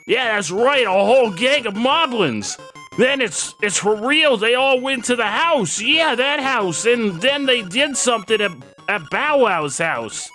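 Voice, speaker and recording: A squeaky, jittery village kid, as a man puts him on in a thick cartoon-critter accent, pitched high and swooping all over. He talks in urgent, repeated bursts, like a small game character with big news. A streamer does the voice while playing. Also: wildly swooping pitch, a little slow, few pauses, pushed and bright, faint music behind, exaggerated voice.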